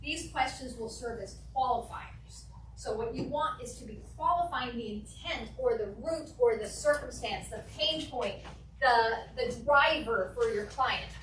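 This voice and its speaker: A woman with a higher voice teaches a live class on real estate negotiation, acting out client phone calls in a lively way. She is recorded from a distance in an echoing room, with faint noise behind her. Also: a little slow. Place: classroom with an audience.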